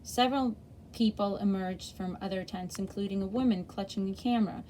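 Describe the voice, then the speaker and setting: A woman's voice: medium pitch, fairly quick, dark tone, slight background noise. A woman reading a chapter book aloud to children in a friendly way, with small slips and self-corrections.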